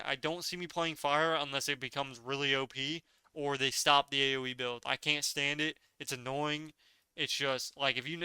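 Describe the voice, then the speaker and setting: A man's voice: mid-range voice, pushed and bright, clean tone, no echo. A man giving casual gameplay commentary as a gaming video creator, rambling loosely with lots of filler words.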